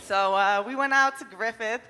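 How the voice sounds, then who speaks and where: A woman's voice: on the high side, moderate pace, big-room sound. Brash, profane woman comedian on stage. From New Jersey. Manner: brash, profane and loud, laughing at her own jokes. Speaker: stand-up comedian. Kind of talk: stand-up comedy set.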